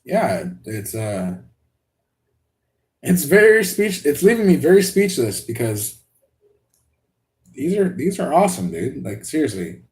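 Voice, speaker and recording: A man hosting a live unboxing stream, talking excitedly and rambling with many restarts and laughs. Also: fairly high pitch, a little slow, pauses often. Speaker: RC hobby channel host.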